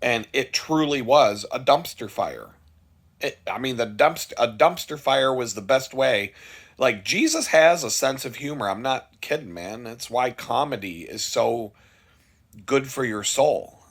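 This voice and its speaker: A man's voice: medium pitch, animated, a little slow. A man vlogging, telling a story in a blunt, profane, casual way and laughing at it.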